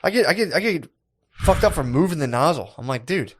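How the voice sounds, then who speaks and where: A man's voice: on the high side, animated, a little fast, husky, dry recording, clean studio sound. A man co-hosting a comedy podcast, chatting casually and crudely and often chiming in to agree. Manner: laid-back, crude banter, often agreeing. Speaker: podcast co-host.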